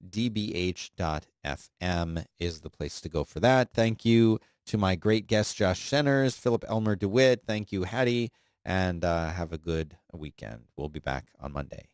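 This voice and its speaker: A man's voice: low voice, lively intonation, measured pace, a little mellow, clear, resonant tone, no room sound. A man hosting a podcast from an office studio, chatting casually with plenty of fillers and restarts. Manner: rambling, many fillers and restarts. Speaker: podcast host. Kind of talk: casual chat. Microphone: studio broadcast microphone.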